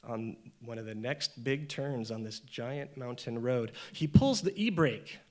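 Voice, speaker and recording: A man's voice: medium pitch, unhurried. A man doing stand-up comedy on stage, telling a story and acting out the voices in it. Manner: animated, acts out voices in the story.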